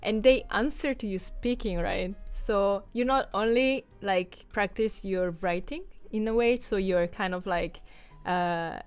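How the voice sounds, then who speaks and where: A woman's voice: medium pitch, unhurried, smooth. Non-native english woman co-hosting, chatty w lots of fillers, faint music behind. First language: not English. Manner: chatty, many fillers, laughs often. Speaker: co-host. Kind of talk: casual chat.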